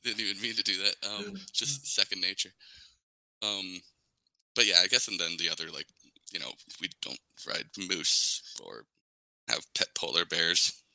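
A man's voice: deep voice, normal speed, vocal fry, sharp tone, no room sound, low-quality recording. A young man in his twenties, a guest in a casual interview, rambling with lots of "like" and "um". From Canada, Ontario. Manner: rambling, many "like" and "um" fillers.

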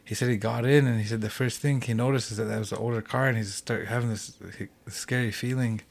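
A man's voice: medium pitch, steady tone, fast talker, vocal fry. A young man from the Cheyenne Reservation telling a ghost story in a loose, rambling way as a podcast guest. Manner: rambling, full of "like" and "he said".

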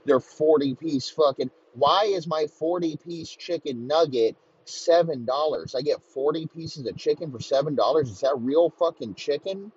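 A man's voice: a little high, normal speed, hardly any pauses, breathy edge. A man ranting crudely and mockingly, swearing constantly in a comedic tirade. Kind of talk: profane comedic rant. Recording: slightly muffled lo-fi recording, faint background noise.

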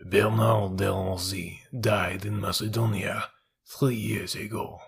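A stern old detective, voiced by a male audiobook reader, speaking slowly in a low, gravelly voice. His tone is husky and carries firm authority, like a storybook lawman cornering his suspect. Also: level tone, exaggerated voice.

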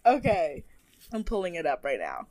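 A woman's voice: fairly low pitch, huge pitch swings, normal speed, a little mellow. A young woman co-hosting a podcast, chatting casually and gossiping about a TV show, laughing often and mimicking voices. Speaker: podcast co-host. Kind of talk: casual chat recapping a TV show.

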